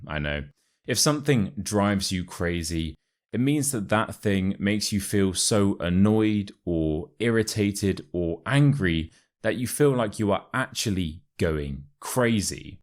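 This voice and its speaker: A man with a modern RP British accent teaching English expressions, repeating phrases slowly and clearly to show how they sound, with light, playful asides. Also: sits low. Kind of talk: teaching with pronunciation drills.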